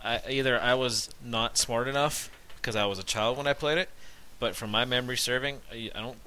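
A man's voice: medium pitch, brisk, sharp tone, smooth, rough recording. A young man co-hosting a casual gaming podcast, joking and self-deprecating. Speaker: podcast co-host.

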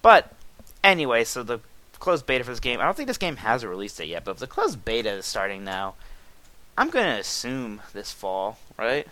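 A young man hosting a casual gaming podcast, animated and quick with asides and laughs. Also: medium pitch. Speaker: podcast host.

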